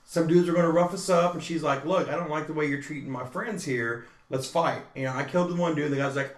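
A man's voice: on the high side, quick pace, hardly any pauses, roomy sound. A man casually telling stories among friends, acting out quotes in changing voices. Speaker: podcast co-host. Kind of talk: casual storytelling chat.

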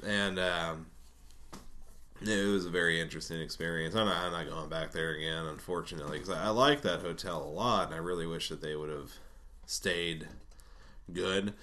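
A man's voice: low voice, steady tone, normal speed, pushed and bright. A man casually telling a rambling personal story, swearing often and laughing between lines.

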